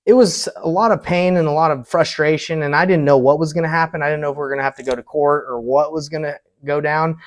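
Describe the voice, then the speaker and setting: A man's voice: a little high, fairly even intonation, fast, few pauses. A man who invests in real estate, casually telling a story to camera and acting out the people in it.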